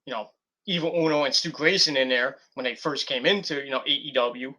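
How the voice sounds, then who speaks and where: A man's voice: mid-range voice, fairly quick, sharp tone. A man giving a rambling, profane and exasperated review of a wrestling show. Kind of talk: casual rant review.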